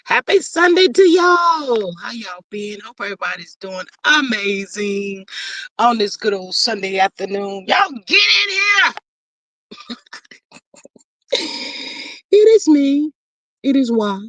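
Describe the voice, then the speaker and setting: A woman hosting a casual live stream, greeting viewers and reading out their comments in an animated, slangy way. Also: medium pitch, slow, dry recording. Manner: chatty, animated, Southern-style slang.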